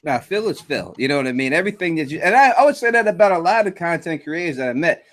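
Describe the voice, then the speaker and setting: A man hosting a casual chat, telling animated stories and laughing often. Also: on the high side, fast. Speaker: host.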